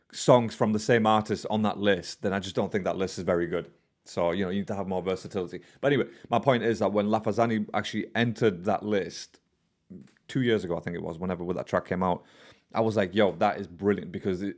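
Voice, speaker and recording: A man's voice: on the low side, fast talker, a little mellow. A man with a British accent hosting a music reaction channel, talking casually in a blunt, rambling way with fillers and swearing. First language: Albanian heritage, also speaks Albanian.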